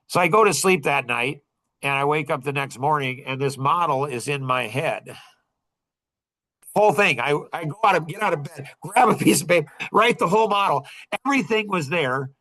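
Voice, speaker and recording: A male host leads a laid-back group conversation at a moderate pace, spinning lively stories, and his voice shoots up high whenever excitement takes hold.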